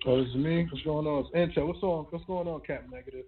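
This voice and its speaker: A man calling in to a show, ranting furiously and cursing nonstop. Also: fairly high pitch. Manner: furious, profane, fast-talking. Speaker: caller. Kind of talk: angry call-in rant. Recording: tinny phone line.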